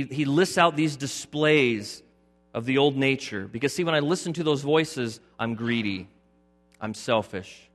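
A middle-aged male pastor preaching a sermon, moving from loud emphatic points to a quiet personal story. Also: medium pitch. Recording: long hall reverb with faint music.

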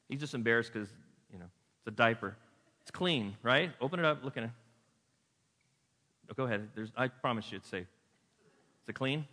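A man preaching a lively sermon as a pastor, telling stories and acting out voices. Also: mid-range voice, moderate pace, long pauses. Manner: lively storytelling with acted-out voices. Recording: echoey hall.

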